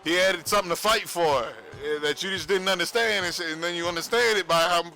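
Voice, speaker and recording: A man chatting casually on a livestream, telling a profane, animated story with frequent laughs. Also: sits high, fast talker, faint music behind. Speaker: streamer. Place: home streaming setup.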